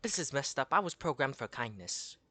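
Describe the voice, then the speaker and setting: A man putting on a gentle female robot who is built for kindness. The delivery is stiff and earnest, a little higher than his usual voice, and the room sounds dry. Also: big pitch swings, a little fast, dry recording. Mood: dismayed.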